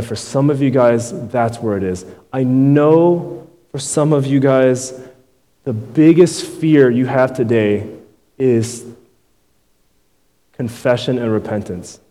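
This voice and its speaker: A man's voice: medium pitch, mellow. A young adult man preaching a sermon in a casual, slangy way, with many rhetorical asides. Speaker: pastor. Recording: hall reverb.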